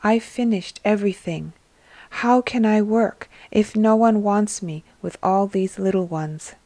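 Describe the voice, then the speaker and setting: A woman's voice: mid-range voice, measured pace, warm tone, dry recording, close to an everyday voice. A woman reading a downcast young widow. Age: 20s.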